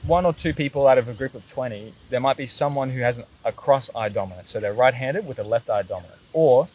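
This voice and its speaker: Chatty archery coach. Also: male voice, mid-range voice, fast, muffled recording. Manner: chatty, explains step by step, jokes around. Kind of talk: casual live-stream Q&A chat. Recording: clear background noise.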